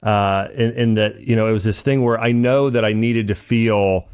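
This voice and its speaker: A man hosting a podcast interview who speaks haltingly, with many restarts while he forms his thoughts. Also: on the low side, steady tone, darkish tone, clear, resonant tone. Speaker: podcast host. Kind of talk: interview conversation.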